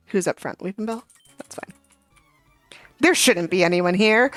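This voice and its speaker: With an unhurried, mid-range voice that's a bit bright and pauses often, a young adult woman streams a game and tells a meandering story loaded with fillers and asides. There's no room sound, just faint game music in the background.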